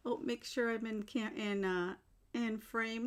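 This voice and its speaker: A woman's voice: on the high side, steady tone, measured pace, clear, resonant tone. A woman vlogger chatting casually to her viewers while unboxing, gushing and exclaiming with delight, filmed in a bedroom at home. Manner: gushing, effusive, exclaims often. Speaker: jewelry-making vlogger. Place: home bedroom used as filming room.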